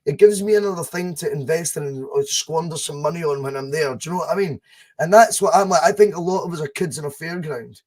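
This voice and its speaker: Scottish guy hosting a podcast, fairly high voice, chatty storyteller doing little voices. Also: fast talker. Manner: animated storyteller, acts out voices in anecdotes. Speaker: podcast host. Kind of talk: casual podcast chat.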